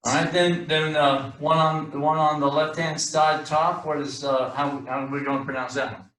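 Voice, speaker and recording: A man teaching a Hebrew class, talking in a halting way with many restarts and fillers and an occasional joke. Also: on the high side, little pitch movement, fairly bright tone. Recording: echoey room, distant mic.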